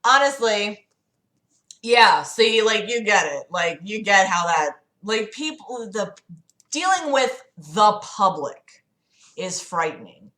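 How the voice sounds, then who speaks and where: Woman, casual stream host, rambling, profane, bright tone, roomy echo. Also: mid-range voice, lively intonation, slow pace. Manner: rambling and profane, with many fillers. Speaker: livestream host. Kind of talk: casual chat.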